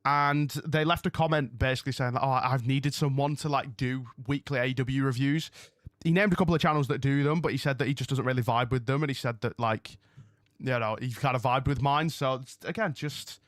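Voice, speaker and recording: A man's voice: mid-range voice, brisk, a bit bright, no echo, studio quality. Rambling man streaming casually. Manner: rambling and chatty, loses his train of thought. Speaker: streamer hosting a wrestling watch-along. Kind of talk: casual live-stream chat. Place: home room.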